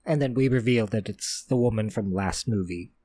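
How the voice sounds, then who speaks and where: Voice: medium pitch, moderate pace, warm tone, dry recording, clean studio sound. A host recapping a horror film as it plays, with sarcastic asides. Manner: narrates the scenes on screen with sarcastic asides. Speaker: movie reaction host. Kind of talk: casual movie reaction commentary.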